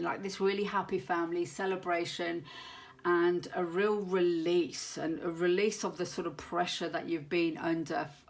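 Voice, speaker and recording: A woman giving a monthly tarot reading to viewers, talking in an earnest, meandering way and searching aloud for her words. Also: lowish voice. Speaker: tarot reader.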